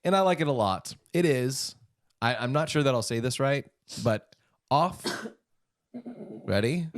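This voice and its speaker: A man's voice: medium pitch, expressive, a little slow, dry recording, clean studio sound. A man co-hosting a casual podcast chat, rambling through joking guesses and silly voices. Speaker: podcast co-host.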